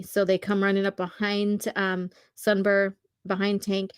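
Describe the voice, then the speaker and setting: A woman hosting a casual podcast, talking through a comic book and reading its dialogue aloud in slow, dramatic bursts, her voice slightly hoarse. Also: medium pitch, level tone, dry recording, studio quality. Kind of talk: casual comic read-along chat.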